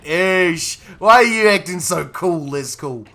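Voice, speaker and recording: A young man streams a game and chats with his viewers. His voice sits high and bright and swings widely in pitch. He talks at an unhurried pace, with a playful, excitable manner and frequent laughs. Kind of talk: live gameplay commentary, chatting with viewers.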